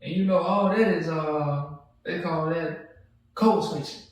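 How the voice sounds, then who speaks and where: A man's voice: a little high, measured pace. A man co-hosting a podcast, talking in an easygoing, laid-back casual chat. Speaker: co-host. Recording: echoey room, far from mic, faint noise.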